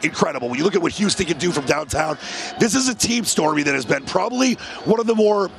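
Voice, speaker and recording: A man co-hosting a sports betting chat, talking emphatically and rapidly with frequent restarts. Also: on the high side, animated, faint music behind. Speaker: sports radio co-host.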